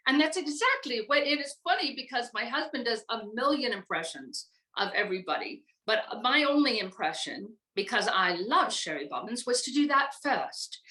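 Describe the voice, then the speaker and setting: An older American woman recalling her acting career in a relaxed, rambling chat full of fillers. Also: on the high side, roomy sound, poor audio. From United States. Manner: chatty, rambling with many fillers. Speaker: guest voice actress. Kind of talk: casual interview chat.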